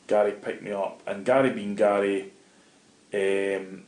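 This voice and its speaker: Low-voiced Scottish man telling stories. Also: unhurried. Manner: animated, anecdotal, swears freely. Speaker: interview guest. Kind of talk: casual storytelling. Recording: roomy echo.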